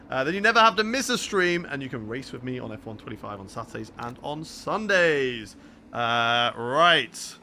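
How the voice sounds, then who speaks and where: A man of medium pitch with a southern English accent is recorded with a little hiss or hum. Hailing from southern England, he's a gaming streamer commentating live on a racing game, joking and chatting to viewers with lots of energy.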